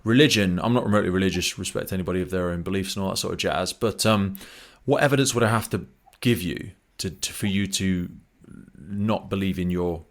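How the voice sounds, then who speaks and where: A man hosting a podcast interview, chatty and animated, often acting out quoted remarks. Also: sits low, brisk. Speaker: podcast host. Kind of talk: conversational interview.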